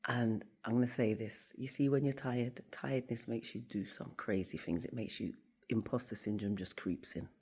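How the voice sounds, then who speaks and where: Speaking from her office, this school staff member and faith vlogger has a very deep, slightly rough voice and a moderate pace. Her casual motivational talk to camera centers on a story, told with animation as she performs each quoted voice.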